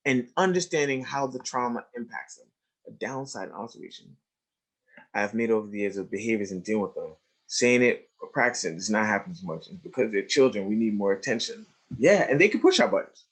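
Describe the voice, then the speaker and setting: Man, mid-pitched, webinar trauma lecturer; emphatic storyteller who drops to a hush, then rises; video call mic. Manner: emphatic storyteller, swings between hushed and raised, stretched phrases; addresses listeners directly with "right?" and "you see?". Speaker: trauma educator presenting a webinar.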